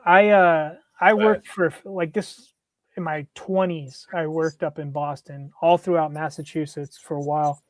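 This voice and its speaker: A man's voice: on the high side, moderate pace, dry recording. A man in his thirties co-hosting a casual sports podcast, telling stories and acting out quotes. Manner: animated storyteller, acts out quotes. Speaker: podcast co-host.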